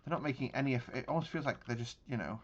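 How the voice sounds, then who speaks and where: A man's voice: mid-range voice, rapid-fire, dull audio, slight background noise. A man giving casual gameplay commentary on a naval battle game, thinking aloud with frequent restarts. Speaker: gaming channel host.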